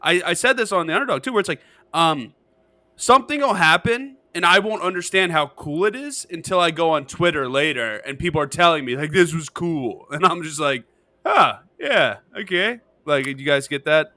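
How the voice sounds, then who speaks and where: A man's voice: fairly high pitch, animated, fairly quick, pushed and bright, dry recording. A man co-hosting a casual sports podcast, joking and poking fun at himself, laughing often. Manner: jokey and self-mocking, laughs often. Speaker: podcast co-host.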